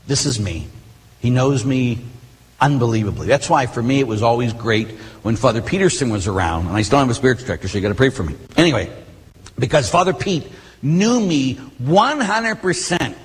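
Middle-aged male priest, husky voice, animated storyteller, long church reverb. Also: mid-range voice. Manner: animated storytelling with conversational asides. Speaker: Catholic priest. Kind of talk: sermon.

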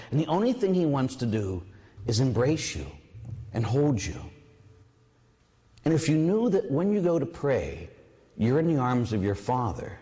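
A priest giving a sermon, telling a personal story with lively asides and acting out voices. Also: male voice, mid-range voice. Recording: long hall reverb.

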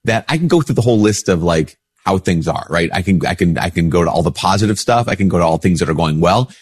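A man's voice: animated, fast, darkish tone, husky, no echo, clean studio sound. A man, a Catholic priest, giving a casual spoken reflection while a bit sick with a stuffy nose, acting out quoted replies in a lifted voice. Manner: conversational, acts out quoted replies in a higher voice.

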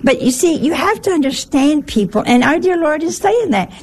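A woman from an Italian family, a religious teacher, gives a conversational sermon in a folksy, humorous style packed with rhetorical questions. Her voice is high and sing-song with a darkish tone, at normal speed.

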